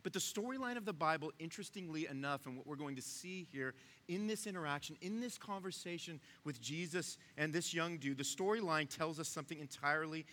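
A man's voice: on the high side, brisk, sharp tone, big-room sound. A man preaching a sermon in a conversational way, talking straight to his listeners. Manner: conversational, asks the room to follow along. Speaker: pastor.

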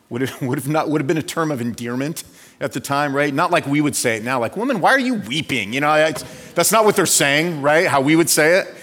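A man's voice: on the high side, a bit bright. Conversational male pastor in a reverberant hall. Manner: conversational, asks "right?" often. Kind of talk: sermon.

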